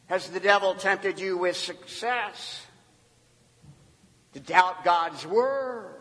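A man preaching a sermon as a pastor, emphatic, his voice swinging between loud and hushed. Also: high-pitched, takes it slowly, pauses often, in a large hall.

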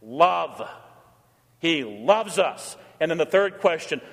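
A man's voice: on the high side, expressive, takes it slowly, creaky, husky, in a large hall. A male pastor preaching a sermon in a church, building his points through repeated rhetorical questions and leading the congregation in call-and-response.

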